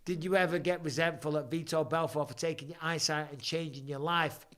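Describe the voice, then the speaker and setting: A man's voice: on the high side, steady tone, fairly quick, a bit bright. Profane, joking man hosting a stream. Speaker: host. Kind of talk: live-stream chat, watching fights.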